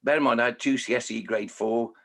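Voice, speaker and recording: A man's voice: mid-range voice, steady tone, fast, a bit bright. A man in his sixties, from Scotland and raised in Staffordshire, a children's poet telling his life story in a chatty, self-mocking way. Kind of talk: casual interview storytelling.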